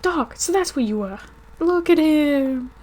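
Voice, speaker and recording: A woman's voice: high voice, animated, measured pace, darkish tone, voice pushed up. A woman reading the lines of a friendly young male hero in her own voice.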